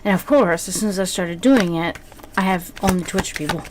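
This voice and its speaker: A woman's voice: lowish voice, brisk, background noise. A woman streamer chatting casually with her viewers, rambling with many fillers and restarts.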